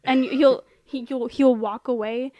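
A chatty woman co-hosting a podcast, with a high voice and speech full of "like" as she recaps a movie. The sound is dry and close, with no room echo. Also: steady tone, unhurried, lo-fi sound. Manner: chatty, lots of "like", laughs often. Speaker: podcast co-host. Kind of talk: casual chat recapping a film.

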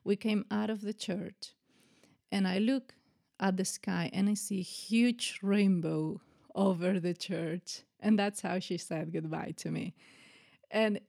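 Earnest woman with a mellow voice. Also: medium pitch, fairly even intonation, slow, gravelly. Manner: earnest, emotional storytelling with many fillers. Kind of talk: personal story in conversation.

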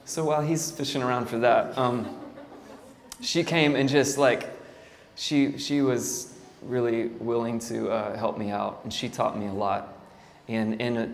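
Worship pastor storytelling in a reverberant hall. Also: male voice, medium pitch, vocal fry. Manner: casual storytelling, self-deprecating, many fillers. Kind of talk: church talk. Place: church hall. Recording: hall reverb, faint ambient noise.

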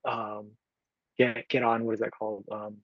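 Husky-voiced young man telling his story. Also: lowish voice, level tone, normal speed, no room sound, highs cut off. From Oakland, California. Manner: earnest, retells with quoted dialogue, frequent fillers. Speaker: podcast guest. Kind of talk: storytelling in conversation.

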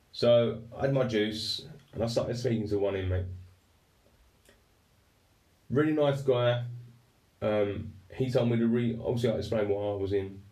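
A young man telling a story in a casual, animated and self-mocking way. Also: on the low side, vocal fry. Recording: roomy and distant mic.

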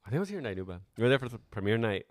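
This forties-aged podcast host keeps things relaxed, meandering from story to story and cursing a lot. He speaks very fast in a fairly low voice with big pitch swings. The audio is studio quality with no echo.

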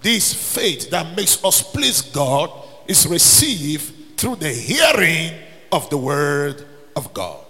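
A man preaching a sermon as pastor, building into shouts and sung phrases. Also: a little high, big pitch swings, slow. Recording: long reverb with faint music.

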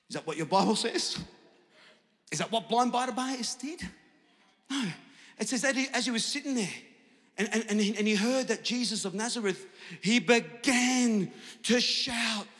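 A man preaching a sermon as pastor, impassioned, moving from hushed asides to shouting, recorded on a stage microphone in a large church hall. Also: very high voice, moderate pace, pauses often. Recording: church hall with long reverb.

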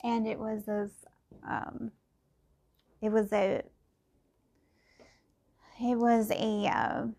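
A woman's voice: on the high side, level tone, extremely slow, creaky, long pauses, dark tone. A middle-aged woman thinking aloud in a casual personal podcast, meandering and full of fillers and restarts.

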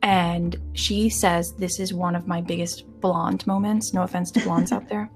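A woman's voice: on the low side, fairly even intonation, a little slow, faint music behind. Giggly chatty woman with a stutter. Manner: giggly, chatty storyteller with a slight stutter on m-words. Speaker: podcast co-host. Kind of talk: casual podcast chat.

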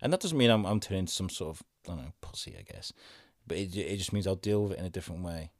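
A man with a fairly low voice hosts a casual podcast conversation. He rambles and reflects as he tells his stories. The sound is close and dry, with no room around it. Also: rapid-fire, no room sound. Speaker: podcast host. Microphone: studio podcast microphone.

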